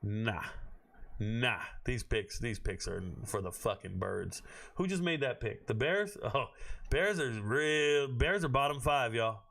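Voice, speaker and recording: A man's voice: mid-range voice, animated, slow pace, vocal fry. Blunt, profane man hosting a stream. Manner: profane, blunt, bursts into loud shouting. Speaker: host of a draft watch party stream. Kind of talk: casual live-stream commentary. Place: his home. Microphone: own microphone.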